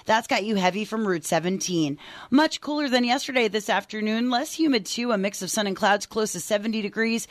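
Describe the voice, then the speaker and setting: A woman giving a brisk, matter-of-fact traffic and weather report on the radio. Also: medium pitch, dry recording. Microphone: studio mic.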